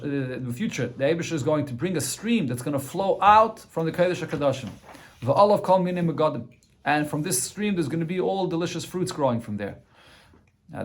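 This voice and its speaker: A man teaching a daily Talmud class, translating phrase by phrase and often restarting mid-sentence. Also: medium pitch.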